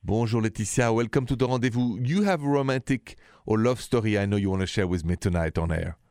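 A man's voice: fairly low pitch, fast talker, darkish tone, dry recording, studio quality. A man, hosting a late-night radio call-in show and confiding about his own dating life. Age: 50s. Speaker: radio host.

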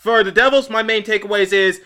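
On a solo hockey podcast, the host rants in exasperation and lectures the team directly. His voice is high-pitched and bright, his tone forceful, and he talks a little fast.

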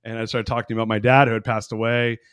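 A man in his forties hosts a casual podcast interview with loud, hyped enthusiasm. His voice sits mid-range and the recording is dry and close, with no room sound. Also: medium pitch, level tone, fast, clean tone, no echo. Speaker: podcast host.

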